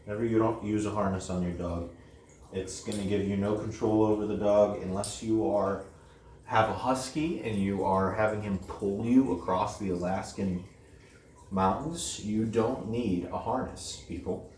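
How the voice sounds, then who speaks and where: A man with a low, warm voice explains puppy training in a blunt, plain way, often adding "okay?". He is picked up from a distance by the camera, with a roomy sound and a faint hiss behind him. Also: fairly even intonation, normal speed. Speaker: dog trainer. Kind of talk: casual instructional talk.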